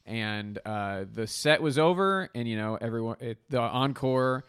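Male comedian guest, relaxed anecdotal talker, middle pitch. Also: a little slow, smooth. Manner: easygoing, rambling anecdotes. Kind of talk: casual chat.

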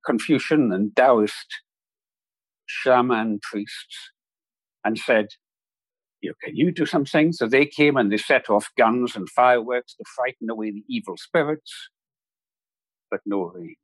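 A reflective man tells a story at a measured pace as a podcast guest. His voice is husky and mid-pitched, recorded close and dry. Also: no echo, rough recording. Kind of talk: storytelling in a conversation.

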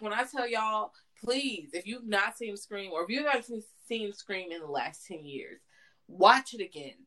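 A young woman co-hosting a podcast, talking casually with animated, profane, emphatic storytelling. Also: mid-range voice, low-quality recording. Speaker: podcast co-host. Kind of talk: casual chat.

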